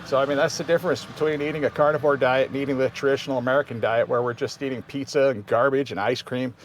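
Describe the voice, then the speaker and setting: A man's voice: medium pitch, steady tone, fast talker, slight background noise. A man in his fifties hosting a casual vlog, talking in an easygoing, rambling way with many restarts. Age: 50s. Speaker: vlog host.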